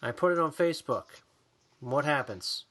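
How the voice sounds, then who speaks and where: A man's voice: on the high side, animated, normal speed, fairly bright tone. A man co-hosting a podcast in casual, profane chat, ranting and mocking people in put-on voices. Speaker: podcast co-host.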